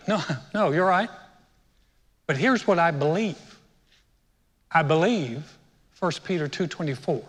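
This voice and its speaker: A hoarse man preaching a conversational sermon as pastor, joking and talking straight to his congregation in a church. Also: on the high side, lively intonation, takes it slowly, long pauses. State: hoarse, sounds sick. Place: church sanctuary. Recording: long hall reverb.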